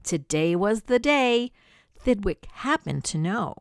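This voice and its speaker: Older woman reading a picture book slowly. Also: medium pitch, clean tone, no echo, studio quality. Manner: slow, lively, dramatic with whispered asides. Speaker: storyteller.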